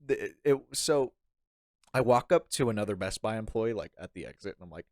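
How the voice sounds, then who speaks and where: Speaking fairly quickly in a medium pitch, a young male podcast guest spins an animated, rambling tale during a relaxed conversation. He laughs a lot and performs other people's lines himself. The recording is studio quality, with no echo.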